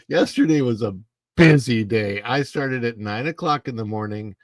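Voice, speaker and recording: A middle-aged man hosting a casual livestream from home, rambling in a sleepy, unhurried way with plenty of fillers as he greets viewers in the chat. He speaks into a clip-on mic close under his face. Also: medium pitch, sing-song, no room sound. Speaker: livestream host.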